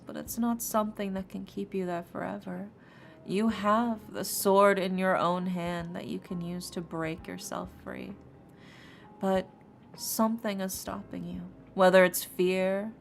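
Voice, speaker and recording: A woman putting on a sultry tarot reader voice. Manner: breathy, low and slow, half-whispered. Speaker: streamer. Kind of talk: tarot reading for chat. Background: soft lo-fi music.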